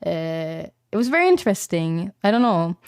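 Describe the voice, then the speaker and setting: A woman's voice: on the low side, big pitch swings, moderate pace, clean tone, no echo. A young woman from Sweden, chatting casually and rambling to her stream audience with lots of fillers.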